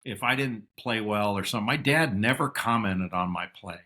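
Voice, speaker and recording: A middle-aged man telling stories as a podcast guest, reflective, and lively when he quotes his father. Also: lowish voice, normal speed. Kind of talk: casual interview storytelling.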